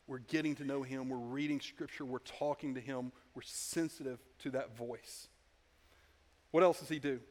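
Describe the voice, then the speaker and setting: A man preaching a sermon in a conversational way, often restarting his sentences and dropping into quiet asides. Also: high voice. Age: adult. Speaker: pastor.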